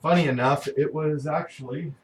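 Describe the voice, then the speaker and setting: A man's voice: a little high, fairly even intonation, normal speed. A middle-aged man talking candidly in a personal video diary, venting and swearing often. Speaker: vlogger. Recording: distant mic with faint background noise.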